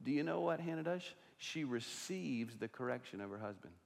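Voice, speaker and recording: A man preaching a sermon as pastor, swinging between loud passionate stretches and hushed, quiet ones. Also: mid-range voice, expressive, fairly quick, gravelly. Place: church sanctuary. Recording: long reverb of a large hall.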